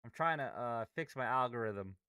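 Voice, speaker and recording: Male day trader streaming live, foul-mouthed, lively pitch swings from mutters to shouts, dry close sound. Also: moderate pace, clear, resonant tone, dry recording. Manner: heavy swearing, swings from low muttering to angry yelling. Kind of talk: live trading commentary.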